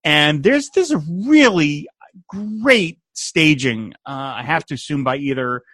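A man's voice: a little high, slow, no room sound. A man co-hosting a podcast, casually recapping a TV episode and quoting the characters in playful voices. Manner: animated retelling, quotes characters in playful voices. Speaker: podcast co-host.

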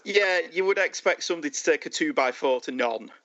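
A man co-hosting a casual movie discussion, thoughtful and measured with dry humor. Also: a little high, lively intonation, pushed and bright. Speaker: podcast co-host.

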